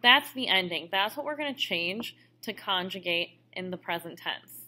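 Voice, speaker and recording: A woman's voice: fairly low pitch, expressive, moderate pace, pushed and bright. A woman teaching a recorded language lesson who explains each step patiently. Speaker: Spanish teacher.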